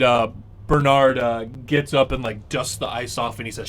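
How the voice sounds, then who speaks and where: A man's voice: medium pitch, steady tone, moderate pace, a bit bright. A man running a tabletop game as dungeon master, patiently explaining the rules and narrating the scene, with many fillers along the way.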